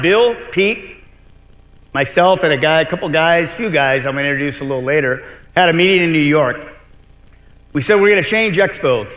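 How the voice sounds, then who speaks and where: A middle-aged man giving a conference keynote, telling stories with animated delivery and joking with the crowd. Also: a little high. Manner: storytelling, animated, jokes with the crowd. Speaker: keynote speaker. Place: large convention hall. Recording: long reverb of a big hall.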